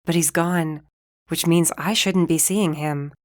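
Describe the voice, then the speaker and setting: A woman's voice: low voice, steady tone, a little slow, dry recording. A woman voicing a frightened, guilt-ridden young woman mage, who speaks in shaky, pleading half-whispers in a very dry, close recording. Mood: anxious.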